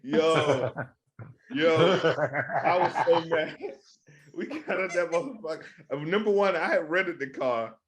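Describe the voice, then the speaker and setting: A man's voice: fairly high pitch, unhurried. A man with an American accent, a podcast co-host who tells stories in casual chat and laughs often as he talks. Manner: laughing while telling stories.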